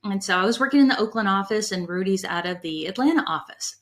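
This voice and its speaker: Animated middle-aged woman telling stories. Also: mid-range voice, fast talker. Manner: animated storyteller, acts out quoted people in her anecdotes; candid and emotional when recalling her past. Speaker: conference breakout speaker on leadership. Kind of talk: storytelling talk on leadership.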